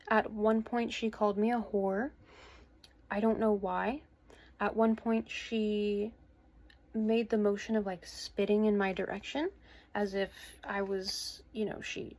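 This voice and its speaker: A woman's voice: medium pitch, creaky, darkish tone. Hesitant earnest woman in her twenties. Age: 20s. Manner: hesitant and earnest, with many pauses and restarts. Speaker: vlogger. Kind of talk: personal account to camera. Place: her bedroom at home.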